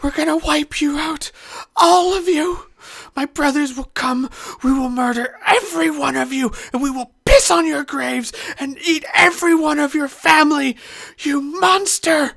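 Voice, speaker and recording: A man's voice: extremely high pitch, measured pace, creaky, pushed and bright, pitched above the performer's own voice, heavily acted. A man voicing a captured, hysterical alien prisoner who screams raving threats.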